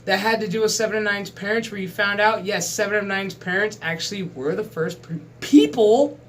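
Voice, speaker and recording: A man's voice: high voice, a little fast, fairly bright tone, slight background noise. A man in his thirties, hosting his gaming channel, rants in a casual, profane monologue and talks with exasperated emphasis. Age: 30s.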